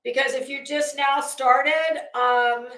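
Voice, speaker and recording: Tired, slow-talking woman livestream host. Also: sits high, fairly even intonation, bright, forceful tone, echoey room. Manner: rambling, trails off. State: tired, worn out. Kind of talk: casual livestream chat reading comments.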